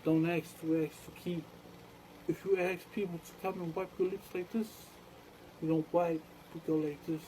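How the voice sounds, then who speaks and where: A man's voice: on the high side, flat delivery, moderate pace, mellow, a little hiss or hum, rough recording. A man telling a rambling story, repeating phrases and acting out what others said.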